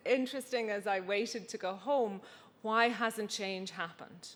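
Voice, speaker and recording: A woman's voice: medium pitch, unhurried. A woman giving a conference talk with slides, wry and anecdotal, with many fillers. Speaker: conference speaker. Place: conference hall. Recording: reverberant hall.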